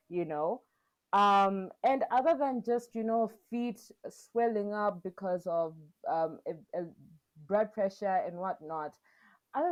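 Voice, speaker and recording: Young woman cohosting a chatty podcast, storytelling, acting out quotes and laughing a lot, mid pitch. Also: muffled recording. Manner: animated, laughs often, acts out quotes. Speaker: podcast co-host. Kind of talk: casual storytelling chat.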